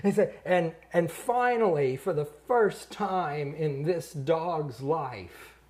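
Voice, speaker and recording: Man, comedian, slightly high voice, animated storyteller, lots of fillers, faint background hiss. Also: slow. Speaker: stand-up comedian. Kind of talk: casual storytelling chat.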